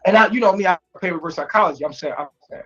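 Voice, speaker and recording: A man on a live stream telling a rambling personal story in a crude, animated, repetitive way, with a husky voice. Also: high voice, racing, soft background music. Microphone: stream mic. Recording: muffled lo-fi stream audio.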